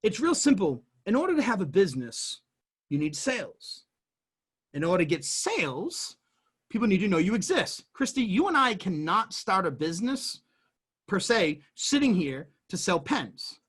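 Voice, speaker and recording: A man talking as a guest in a casual chat, explaining business in an animated way and jumping between everyday examples. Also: high-pitched, moderate pace, slightly rough.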